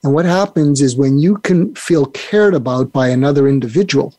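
A man's voice: mid-range voice, normal speed, dark tone, no room sound. An older man speaking as a guest on a podcast interview, rambling and restarting his sentences often. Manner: rambling, with many restarts and fillers. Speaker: guest expert.

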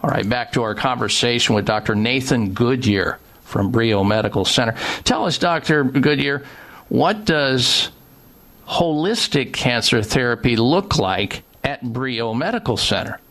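A man hosting a radio talk show in an emphatic way, pushing his pitch up hard on key words and cutting in to make his own points. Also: expressive, unhurried, a bit bright.

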